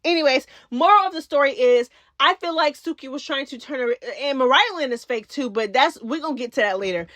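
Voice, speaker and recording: A young woman hosting a reality TV recap, talking straight to her viewers in a sassy, slangy, animated way. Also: high-pitched, a little fast, hardly any pauses, no echo. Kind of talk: casual recap commentary.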